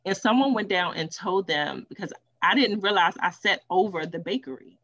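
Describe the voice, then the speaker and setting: Animated woman telling a workplace story. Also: on the low side, a little fast, few pauses, lo-fi sound. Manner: animated, acts out quoted voices. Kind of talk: casual storytelling chat.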